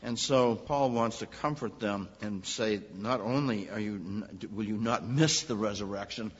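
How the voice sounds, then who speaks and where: A man, a minister, preaching a sermon in a conversational storytelling way, rising to emphatic high points. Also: measured pace, husky. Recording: long reverb, dull lo-fi sound.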